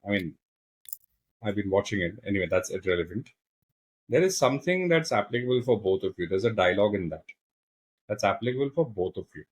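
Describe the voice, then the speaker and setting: Low-voiced podcast host. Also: male voice, animated, a little fast, long pauses, slightly rough, poor audio. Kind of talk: casual interview questions.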